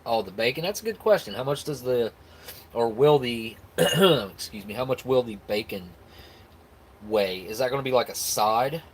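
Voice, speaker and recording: A man's voice: mid-range voice, animated, moderate pace, slight background noise. An American man hosting a live stream, chatting casually and rambling easily as he reacts to viewer comments. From United States. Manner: rambling, easygoing, with frequent restarts and laughs.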